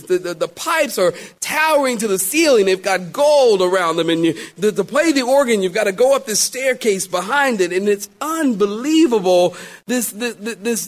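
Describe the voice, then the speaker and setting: A middle-aged male pastor delivers a storytelling sermon in a notably high voice. His pitch leaps all over the place, full of animation. He shifts from loud exclamations to quiet, confiding asides. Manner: storytelling with wide swings between loud exclamations and hushed asides.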